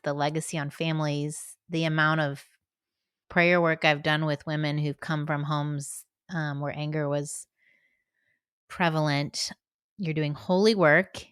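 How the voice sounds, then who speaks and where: Brief: woman podcast host, deep for a woman, dry close recording, conversational. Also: clean tone, no echo. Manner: warm affirmations, conversational, addresses listeners directly.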